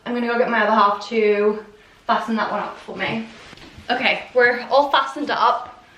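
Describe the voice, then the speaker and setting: A woman's voice: on the high side, steady tone, normal speed, bright, forceful tone. A young British woman chatting casually in a dress try-on haul at home, gushing and chatty with lots of fillers. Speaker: fashion vlogger. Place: room at home with a heater. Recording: roomy echo, mic at a distance.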